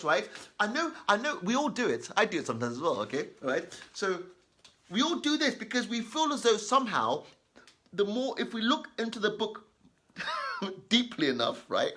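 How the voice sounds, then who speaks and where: A man's voice: high voice, fairly bright tone. A man giving children tips on reading aloud, emphatic and constantly checking in with "okay?" and "all right?". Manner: reads example sentences slowly and deliberately.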